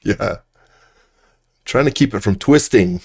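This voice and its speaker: Slow and fairly low in pitch, this man's voice is expressive, creaky, a bit mellow, and slightly rough. He's modeling furniture in 3D software on a casual tutorial livestream, talking under his breath, trailing off, and frequently chuckling self-deprecatingly.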